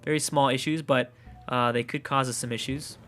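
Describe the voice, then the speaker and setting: A man's voice: medium pitch, steady tone, moderate pace, a bit bright. A Canadian man with a Canadian accent, casually commenting on his own strategy game play, thinking aloud and swearing at setbacks. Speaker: let's play gamer.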